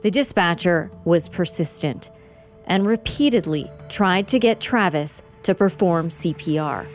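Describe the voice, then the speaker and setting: Measured woman narrating true crime. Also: fairly low pitch, lively intonation, faint music behind. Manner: measured and sober. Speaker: narrator and host.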